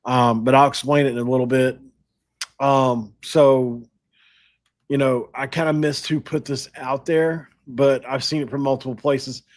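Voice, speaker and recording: A man's voice: medium pitch, level tone, measured pace. A man hosting a sports podcast, talking casually and in a rambling, self-deprecating way with frequent laughs. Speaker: podcast host.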